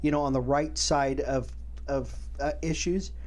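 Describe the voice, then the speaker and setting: A man's voice: mid-range voice, unhurried. A man co-hosting a faith and culture talk show, chatting casually and acting out other people's words, with frequent restarts. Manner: animated, acts out quotes, many restarts. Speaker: co-host. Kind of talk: casual chat about faith and current events.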